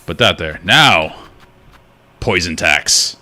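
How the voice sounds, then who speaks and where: Low, lively man streaming a game. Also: takes it slowly. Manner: thinking aloud, muttering to himself. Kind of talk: casual gameplay commentary.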